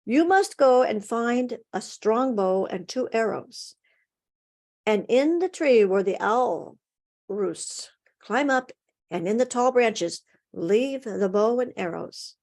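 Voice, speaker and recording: A woman voicing a small, kindly old man in a told folktale, asking gentle questions and giving calm, knowing advice over a video call. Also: on the high side, takes it slowly, heavily acted.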